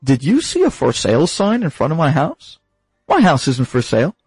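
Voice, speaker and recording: A man's voice: a little high, wildly swooping pitch, moderate pace, a little mellow, breathy edge, dry recording, faint music behind, full character voice. A man voicing an annoyed homeowner who firmly refuses again and again. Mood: polite. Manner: firm, exasperated refusals. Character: annoyed male homeowner, firm and exasperated.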